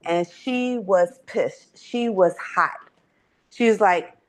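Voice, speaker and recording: A woman on a group video call, earnestly telling a story with a gentle lesson. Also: mid-range voice, slow. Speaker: co-host and sales coach.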